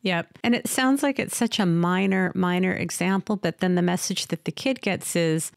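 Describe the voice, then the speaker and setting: A woman with a fairly low voice hosts a reflective podcast conversation. She talks in an earnest, thoughtful way and lets her explanations run long. Her voice is recorded close and dry, with no room around it. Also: moderate pace, vocal fry, hardly any pauses, clean tone, dry recording. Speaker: podcast host, social worker.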